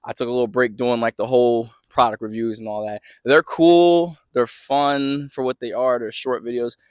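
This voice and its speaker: A man's voice: mid-range voice, steady tone, normal speed, clean tone, no echo. A young man telling a casual story in a rambling, laid-back way, filming himself outdoors as he walks around in his yard. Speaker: car vlogger. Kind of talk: casual vlog story time.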